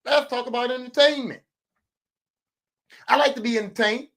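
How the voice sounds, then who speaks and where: A middle-aged man with a notably high voice, talking as a podcast host in a loose comedic rant. He swears freely and hammers his points home by repeating phrases. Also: moderate pace. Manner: profane, animated, repeats phrases for emphasis.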